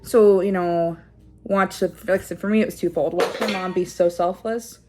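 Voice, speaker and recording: A woman with a somewhat low voice talks straight to the camera in a relaxed vlog. She muses out loud, restarts her sentences and pads them with fillers. She checks in with her listeners as she explains. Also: moderate pace, background noise. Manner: reflective and rambling, with many fillers and restarts; explains like a teacher, checking in with "okay?" and "right?". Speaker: parenting vlogger. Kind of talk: casual talk to camera.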